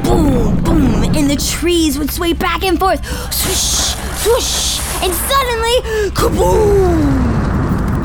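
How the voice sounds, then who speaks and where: A woman telling a children's story with dramatic sound effects and shouted chants. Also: very high voice. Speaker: guest storyteller.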